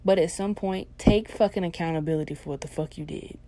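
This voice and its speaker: Low-voiced woman host, blunt and profane, ranting in a casual monologue. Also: brisk. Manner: blunt, heavily profane, swings into loud animated ranting.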